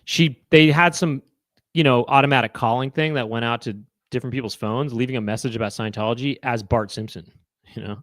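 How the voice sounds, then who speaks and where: A man's voice: fairly quick, dry recording. Chatty comedian man, dry close mic. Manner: rambling, launches into loud high-pitched impressions. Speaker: co-host. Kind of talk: casual comedic chat.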